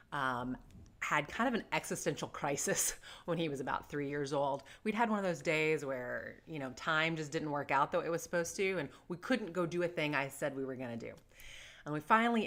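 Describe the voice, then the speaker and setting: Woman, middle-aged, lowish voice, lively melody, jokey, self-deprecating, casual parenting advice. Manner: joking, self-deprecating, animated storyteller. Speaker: parenting vlogger.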